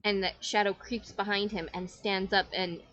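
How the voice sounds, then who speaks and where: A woman's voice: medium pitch, flat delivery, moderate pace, fairly bright tone, dry recording, muffled recording. A woman narrating a tabletop game as game master, in flowing, descriptive storytelling.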